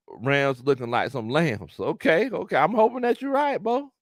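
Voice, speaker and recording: Reading live chat on his casual sports stream, a man with a Southern US accent laughs frequently and repeats himself. His mid-range voice swoops wildly in pitch, unhurried yet with hardly any pauses, captured in clean studio sound without room noise.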